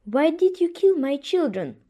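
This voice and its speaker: A woman voicing a high wailing mother snipe. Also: big pitch swings, measured pace, warm tone, lo-fi sound. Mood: grieving. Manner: high, lamenting and proud. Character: proud anxious mother snipe bird.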